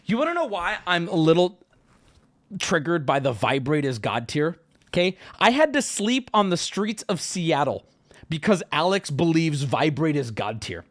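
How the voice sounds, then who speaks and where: A man on a live stream talks straight to his chat in a high, animated voice that leaps up and down. He swears a lot, stammers and restarts, and tells a messy story with rising agitation. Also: normal speed. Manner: profane, stammering, riled-up storytelling. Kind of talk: casual livestream rant.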